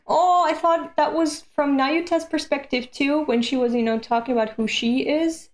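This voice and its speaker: A woman from Europe streaming a manga read-along, reacting aloud with animated, profane rants. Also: high-pitched, moderate pace, hardly any pauses. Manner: animated, swears freely, rants at the page.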